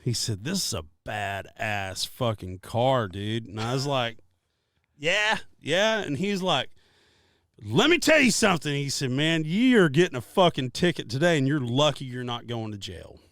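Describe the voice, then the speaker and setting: A man's voice: mid-range voice, a little slow, no echo, clean studio sound. A man telling a story on a podcast, swearing freely and acting out what everyone said. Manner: profane, animated storyteller acting out quotes. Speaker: podcast co-host. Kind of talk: casual storytelling.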